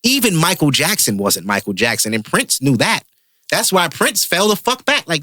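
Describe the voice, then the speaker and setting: A man's voice: fairly high pitch, sing-song, moderate pace, pushed and bright, no echo, studio quality. A man hosting a podcast, a comedian ranting in heated, profane casual chat.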